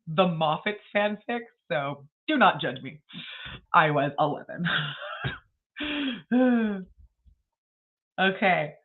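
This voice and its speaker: A woman's voice: lowish voice, phone-quality sound. A woman hosting a casual writing livestream, chatting bluntly and rambling with frequent laughs. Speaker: livestream host.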